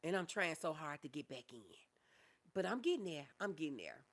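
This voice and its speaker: A woman's voice: low voice, sing-song, brisk. A woman, a therapist hosting a casual livestream, reading viewer comments aloud and calling them baby. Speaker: livestream host, mental health therapist.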